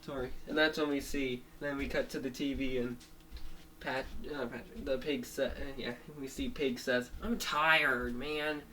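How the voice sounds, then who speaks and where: A man's voice: mid-range voice, flat delivery, moderate pace, a bit bright, slight background noise. A man casually retelling a made-up story, rambling with many restarts, fillers and small laughs.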